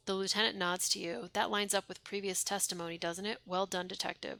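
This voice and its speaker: A woman's voice: mid-range voice, steady tone, a little fast, creaky, hardly any pauses, sharp tone. A young woman streaming a game, chatting wryly and reading its dialogue aloud. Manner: chatty, wry, reads game text aloud.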